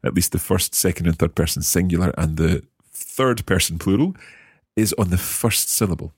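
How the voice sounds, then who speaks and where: A man's voice: low voice, moderate pace, slightly rough, dry recording, studio quality. A man hosting a language lesson podcast, patiently coaching a learner through verb drills. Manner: patient, encouraging, drills pronunciation. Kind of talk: teaching.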